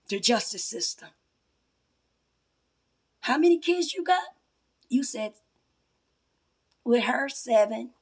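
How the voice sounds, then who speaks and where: A woman with a high voice speaks slowly and deliberately, telling her story straight to her mother. She is confrontational, dropping to hushed whispers one moment and raising her voice in accusation the next. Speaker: self-styled spiritual priestess. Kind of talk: emotional personal testimony addressed to her mother.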